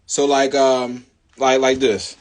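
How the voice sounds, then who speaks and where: A young man in a casual, slangy monologue, preaching about spirit and law, swinging between loud bursts and low mutters. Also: little pitch movement, slow. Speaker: video host.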